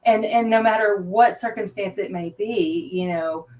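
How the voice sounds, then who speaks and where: A woman's voice: mid-range voice, normal speed, darkish tone, far from the mic, rough recording. A woman, a hairdresser co-hosting a podcast, talks in an earnest, reflective, chatty way. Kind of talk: casual podcast chat. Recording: slightly off-mic.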